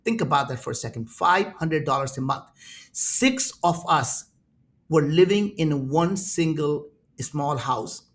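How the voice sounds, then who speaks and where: A man in his sixties from India with an Indian accent, a guest telling animated stories in an interview. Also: on the high side, unhurried. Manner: animated, acts out quoted voices in his stories. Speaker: entrepreneur guest. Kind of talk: storytelling in an interview.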